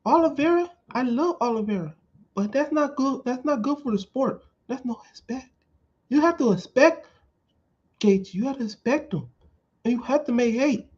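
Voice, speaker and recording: A squeaky, very high voice of a male pro fighter, earnest and halting, looping back over the same words. The sound is dull and lo-fi. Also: animated, darkish tone, husky, exaggerated voice.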